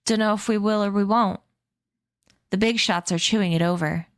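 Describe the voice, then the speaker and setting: A woman's voice: mid-range voice, fairly even intonation, moderate pace, dry recording, studio quality, lightly acted. A woman voicing a cagey, streetwise gypsy boy in a read-aloud story, with clipped, slangy speech. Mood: guarded.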